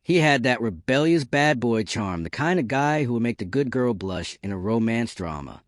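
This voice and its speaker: A man narrating a first-person drama story. His pitch moves in an animated way. The recording is dry and close. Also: moderate pace, dry recording.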